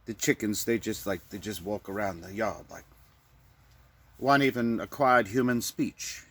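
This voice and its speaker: A man's voice: fairly low pitch, unhurried, breathy edge. A man delivering a rambling, improvised comic monologue, often stammering and repeating words. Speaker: vlogger.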